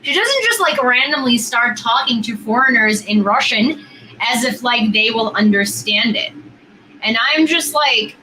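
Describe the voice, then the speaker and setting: A woman's voice: a little high, lively intonation, measured pace, pushed and bright, a little hiss or hum, poor audio. A young woman vlogging in a casual, rambling way, full of fillers and repeated words as she chats with strangers. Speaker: video chat vlogger. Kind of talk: casual vlog chat.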